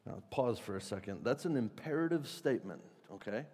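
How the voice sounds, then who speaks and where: A man preaching a sermon in a conversational, animated way, acting out quotes with sudden loud and soft turns. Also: mid-range voice, a little fast, breathy edge, in a large hall. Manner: conversational, animated, acts out quotes with shifts in loudness. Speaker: pastor.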